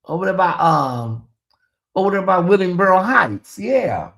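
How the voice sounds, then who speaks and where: A man's voice: sits high, very animated, a little slow, a bit bright. A man hosting a casual late-night livestream in a chatty, drawling way, reading viewer comments aloud and talking to the audience as "y'all". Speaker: livestream host.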